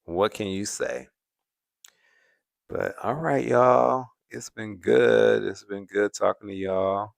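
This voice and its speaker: Man, livestream host, casual chat with viewers, frequent laughter, rough fry in the voice, close dry sound. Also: on the low side, slow pace, no room sound. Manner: laughs often, answering chat.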